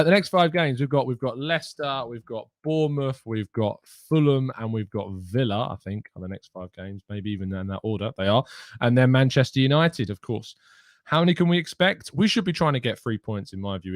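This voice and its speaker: This male host runs a live show, chatting casually as he reads out viewers' questions and answers them. His voice is medium in pitch, captured in a dry, studio-quality recording.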